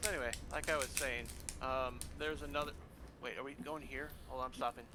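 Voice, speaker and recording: A man's voice: mid-range voice, fairly even intonation, fairly quick, background noise. A man hosting a gaming channel, chatting casually while driving a truck in a game, rambling and correcting himself as he goes. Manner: rambling, self-correcting, laughs at his own mistakes.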